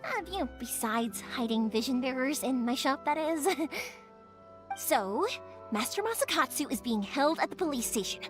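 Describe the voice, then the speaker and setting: An actress playing a cheerful young fireworks shop owner in a game, bubbly and giggly. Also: female voice, sits high, animated, normal speed, over music. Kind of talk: game cutscene dialogue.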